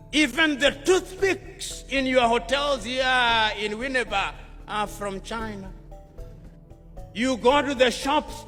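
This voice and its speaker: A man's voice: very high voice, sharp tone. A man delivering a formal public speech, impassioned, with rhetorical questions and emphatic repetition. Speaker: public speaker. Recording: reverberant hall with music added.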